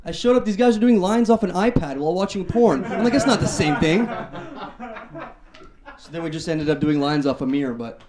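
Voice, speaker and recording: A young man from Canada works through a stand-up set, his voice sitting a little high. He snaps out one-liners with confident timing. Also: fast talker, a crowd in the background. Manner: punchy one-liner delivery. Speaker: stand-up comedian.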